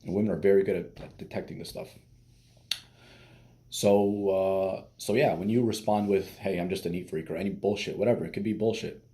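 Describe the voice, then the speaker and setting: A man's voice: lowish voice, fairly even intonation, fairly quick, warm tone. A young man giving casual dating advice as a coach, talking loosely with restarts and fillers.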